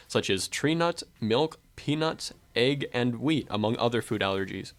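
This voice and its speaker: A young man reading local campus news on student radio in a cheerful, announcer-like way. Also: mid-range voice. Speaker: news presenter. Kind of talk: scripted radio news read. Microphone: studio mic.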